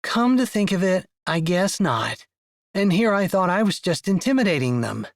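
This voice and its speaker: A man's voice: high-pitched, big pitch swings, moderate pace, creaky, no echo, clean studio sound, pitched above the performer's own voice, exaggerated voice. A man voicing a spirited young woman who teases and jokes in mock boasting. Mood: teasing. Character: spirited teasing young woman, bank executive.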